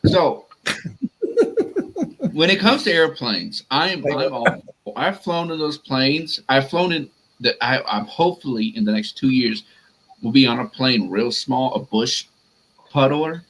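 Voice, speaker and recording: A man co-hosting a podcast, making jokes in relaxed, easygoing banter. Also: mid-range voice, slow, slight background noise, low-quality recording. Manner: joking, laid-back banter. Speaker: podcast co-host. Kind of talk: casual chat.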